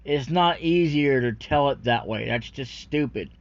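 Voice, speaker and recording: Male vlogger, mid-pitched, rambling profane rant, muffled lo-fi sound. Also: a little slow, dry recording. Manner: profane, rambling, full of fillers and restarts. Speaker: anime commentary vlogger. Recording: dull lo-fi recording.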